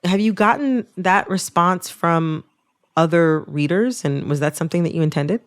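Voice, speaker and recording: A woman hosting a public radio interview, speaking in a thoughtful, personal and measured way. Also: fairly low pitch. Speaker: podcast host.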